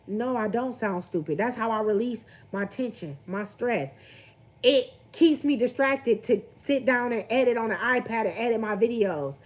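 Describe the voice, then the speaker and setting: A woman's voice: a little high, normal speed. A young woman, venting candidly on her livestream and greeting viewers as she talks. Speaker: vlogger on a livestream.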